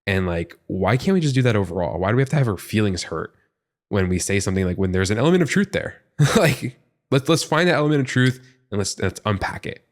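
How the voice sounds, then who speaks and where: Male podcast panelist, animated and earnest, pitch swings widely, rambling delivery. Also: fast. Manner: animated, rambling, heavy use of "like"; earnest and frustrated. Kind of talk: casual podcast discussion.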